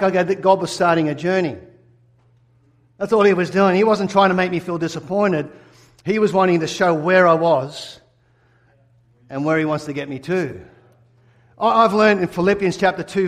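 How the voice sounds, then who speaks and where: A pastor telling a personal story in a sermon, animated and acting out his own replies. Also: sits high.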